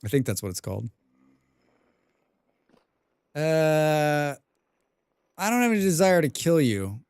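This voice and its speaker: A man's voice: a little high, sing-song, slow pace, a little mellow, smooth, no room sound. Dry-voiced man rambling on a game stream. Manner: reads viewer chat aloud and answers with dry, rambling jokes; mumbles and hums to himself between remarks. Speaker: live streamer. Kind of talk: casual live-stream chat while playing a survival game.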